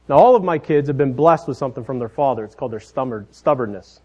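A man in his thirties preaching a sermon, telling family stories in a folksy way, often dropping softer at the ends of his phrases. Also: medium pitch, quick pace, few pauses. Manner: folksy storytelling, trailing off softly at phrase ends. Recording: dull lo-fi sound.

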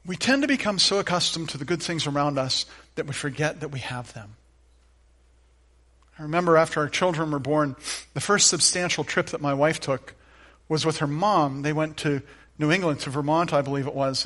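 A middle-aged male pastor delivering a sermon in a slightly high voice. He is earnest, pushing some lines out loudly and dropping others to a near hush. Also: a little fast. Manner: earnest, swings from loud emphatic lines to soft, hushed ones.

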